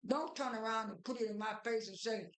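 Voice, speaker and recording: A woman's voice: a little high, brisk. Rambling woman vlogger in an echoey room. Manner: rambling, with many restarts and fillers. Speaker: vlogger recapping a TV episode. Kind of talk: casual spoken recap.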